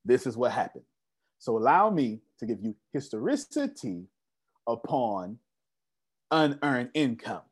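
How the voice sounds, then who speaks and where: A business coach speaks to a live audience in a meeting room. His delivery is emphatic and repetitive, full of rhetorical questions thrown at the crowd. His pitch jumps around a lot, sitting at an ordinary middle height for a man. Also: wildly swooping pitch, unhurried, pauses often, breathy edge. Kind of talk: live seminar talk.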